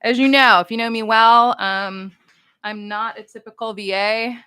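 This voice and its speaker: A woman's voice: on the high side, fairly even intonation, normal speed, bright, forceful tone, clean tone, no echo. A woman from the United States, chatting casually on a livestream with fans, goofy and rambling as she reads chat comments aloud.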